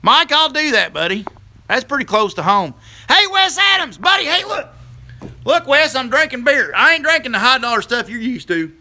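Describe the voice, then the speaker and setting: A man's voice: extremely high pitch, sing-song, fairly quick, bright, forceful tone. A middle-aged man hosts a casual live stream, chatting folksily with viewers and laughing easily.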